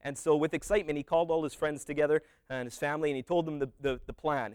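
A man retelling a parable as a story in a relaxed, rambling way, with many fillers and restarts. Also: fairly high pitch, quick pace, clean tone, no room sound, clean studio sound.

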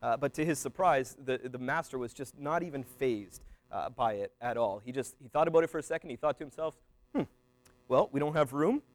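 A man retelling a parable as a story in a relaxed, rambling way, with many fillers and restarts. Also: medium pitch, a little fast, hardly any pauses, no echo.

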